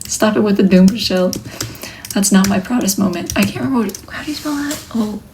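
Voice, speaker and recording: A woman's voice: medium pitch, lively intonation, fast talker, background noise. Chatty young woman streaming live. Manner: chatty and joking, drifts into soft near-whispers. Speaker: livestreaming wood-burning artist. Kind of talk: casual live-stream chat.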